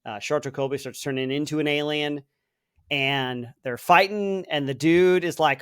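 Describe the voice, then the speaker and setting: A man's voice: on the high side, moderate pace, smooth, dry recording. Rambling podcast guy, dry close sound. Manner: rambling, animated retelling with filler words. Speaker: podcast co-host. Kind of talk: casual chat.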